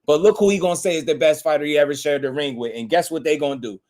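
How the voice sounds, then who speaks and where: A man's voice: a little high, rapid-fire, a little mellow. A man hosting a boxing channel, ranting in casual commentary with heated, profane emphasis.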